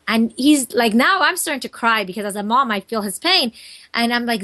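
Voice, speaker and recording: A woman in her thirties, a guest on a talk show, speaking earnestly and telling stories in an animated way. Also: fairly high pitch, a little fast. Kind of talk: casual interview talk.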